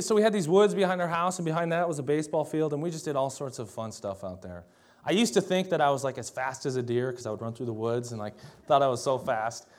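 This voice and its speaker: A young man from Minnesota giving a sermon, telling a childhood story in a relaxed, conversational way and often asking "right?". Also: fairly high pitch. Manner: conversational storytelling, tag questions and laughter. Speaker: pastor.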